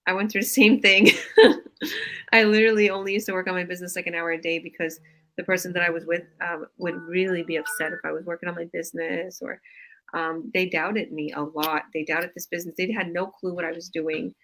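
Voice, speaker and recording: Woman business coach hosting a live stream, bright forceful voice, a bit low, gushing. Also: steady tone, a little fast, slight background noise, low-quality recording. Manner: effusive, enthusiastic praise. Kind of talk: casual live-stream chat.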